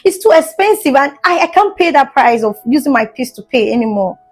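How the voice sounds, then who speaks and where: Speaking directly to her viewers, a young female vlogger with a slightly high, expressive voice shares a storytime monologue, stressing her points and often checking "do you understand?" Her speech has fillers and false starts, emotion breaks through at moments, and soft music plays in the background.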